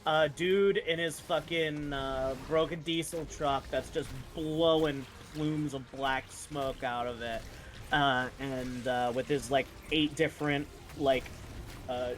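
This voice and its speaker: A man's voice: mid-range voice, fairly even intonation, takes it slowly, fairly bright tone, a little hiss or hum. A man chatting casually with gaming friends, rambling through a story with lots of fillers and frequent laughter. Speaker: gamer streaming with friends. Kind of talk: casual chat.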